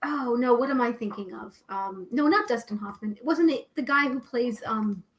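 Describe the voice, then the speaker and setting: Co-host, female, slightly higher voice, easy chatty banter, quick to laugh. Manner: chatty, laughs often, reads out viewer comments. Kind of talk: casual live-stream chat.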